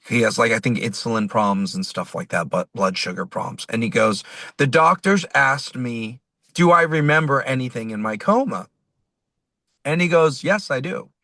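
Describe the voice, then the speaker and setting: A man, a singer-songwriter, telling a personal story as a guest in an interview, lively and quoting others as he goes. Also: medium pitch, dry recording. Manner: animated, quotes people in his stories.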